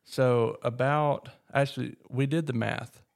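A man, chatting on a podcast in a flat, deadpan tone that others hear as sarcastic. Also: mid-range voice, unhurried, gravelly. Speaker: podcast co-host. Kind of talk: casual chat.

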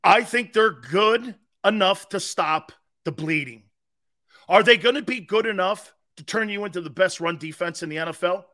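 Sports talk host, male, excitable and emphatic, bright sharp voice. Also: normal speed. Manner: excitable, emphatic, swings between shouting and low asides. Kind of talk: animated sports talk monologue.

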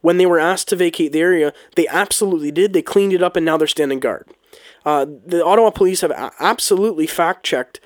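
A man's voice: on the high side, quick pace, no room sound, clean studio sound. A man giving a heated, casual opinion monologue on politics, swearing often and restarting his sentences. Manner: heated, ranting, swears, frequent restarts and ums. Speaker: political commentator.

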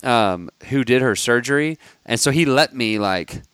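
Podcast guy chatting casually, kinda rambly, lots of ums, clear smooth voice. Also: mid-range voice, expressive, fairly bright tone, no echo, studio quality. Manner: rambling, halting with many fillers. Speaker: podcast co-host. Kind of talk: casual chat.

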